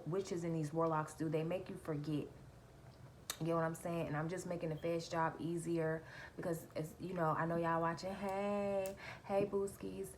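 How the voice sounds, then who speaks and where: Woman ranting a storytime to her followers, kinda low voice, lively, faint hiss. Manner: animated, laughs while retelling, addresses viewers as y'all. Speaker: vlogger telling a personal story. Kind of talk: casual storytime vlog.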